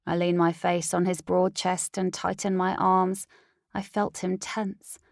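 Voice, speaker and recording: A woman's voice: fairly low pitch, little pitch movement, a little slow, gravelly, dry recording, studio quality. A woman narrating a first-person audiobook in an earnest, dramatic reading.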